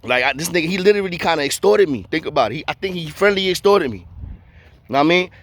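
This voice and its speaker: A man's voice: a little high, expressive, fast, a bit bright. A man telling a story in a casual way, full of street slang and acting out the voices of the people in it.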